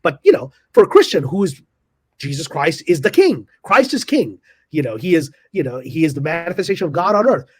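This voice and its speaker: A middle-aged man retelling a piece of history with lively energy, acting out the speakers' lines with big jumps in pitch. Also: brisk, husky. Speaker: guest storyteller. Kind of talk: animated historical storytelling.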